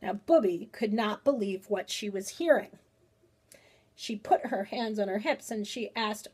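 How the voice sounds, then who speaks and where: A woman educator reading a picture book aloud with lively expression, then chatting about it with fillers. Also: mid-range voice, unhurried, breathy edge. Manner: animated storyteller, chatty with fillers afterward. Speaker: early-childhood educator.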